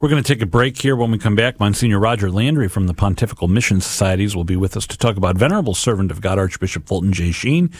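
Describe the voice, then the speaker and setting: A low-voiced man makes a formal radio announcement of an upcoming break and guest. The sound is dry and close, with no room around it. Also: animated, fast, hardly any pauses, dry recording. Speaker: radio show host.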